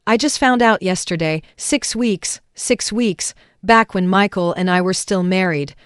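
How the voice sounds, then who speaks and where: A woman voicing a scheming young woman who acts sweet and innocent, in a soft, sugary way. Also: mid-range voice, a little slow, clear, resonant tone, no echo, studio quality, natural voice. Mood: gentle.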